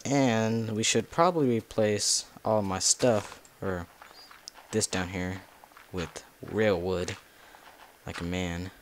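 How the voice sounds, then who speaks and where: Speaking slowly in a fairly low voice, a man who makes gameplay videos rambles casually through his session, talking to himself and cussing out the monsters. Slight background noise can be heard.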